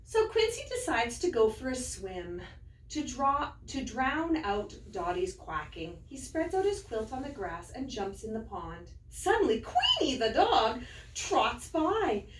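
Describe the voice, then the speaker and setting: A woman teacher reading a picture book aloud to young children in a slow, sing-song storytelling way, then showing how to write a letter. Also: a little high, big pitch swings, a little hiss or hum. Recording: roomy, mic at a distance.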